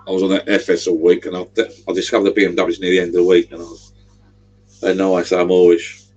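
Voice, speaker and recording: A man's voice: low voice, monotone, fast, a little mellow, lo-fi sound. A middle-aged man, rambling chattily on a livestream. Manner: rambling, chatty, gives directions. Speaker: livestream host. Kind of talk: casual livestream chat.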